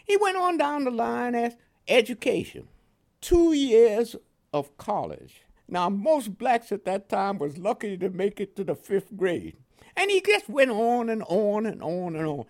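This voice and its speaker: A man's voice: high-pitched, a little slow. An older man from Panama with a New York accent touched with West Indian tones, telling his memories as a veteran in an oral history interview, laughing often and acting out dialogue. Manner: lively storyteller who laughs often and acts out dialogue.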